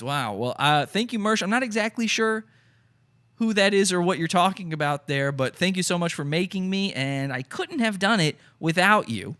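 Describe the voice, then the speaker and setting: A man hosting a livestream, reading out super chats in a sarcastic, mock-sincere, deadpan way. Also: high-pitched, normal speed. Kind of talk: sarcastic comedic livestream chat.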